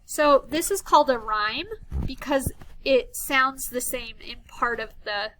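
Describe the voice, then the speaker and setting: A woman teacher giving a slow, patient early reading lesson to young children, sounding out words and counting down. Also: high-pitched, a bit bright, rough recording.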